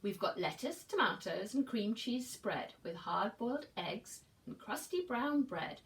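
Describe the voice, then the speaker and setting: A woman voicing a cheerful, brisk mother in a picture book, chiding her son fondly. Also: mid-range voice, lively intonation, far from the mic. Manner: bright, chiding storybook-mum tone.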